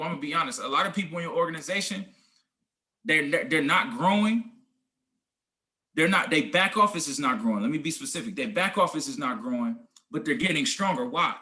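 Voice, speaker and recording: A man's voice: fairly high pitch, bright, forceful tone. A man giving a motivational talk on a group call as a team leader, emphatic and preachy, talking slangy and calling listeners guys and family.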